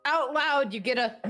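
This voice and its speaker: A woman narrating a tabletop game as game master in a casual, animated way. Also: medium pitch. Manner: animated, casual, quick to laugh.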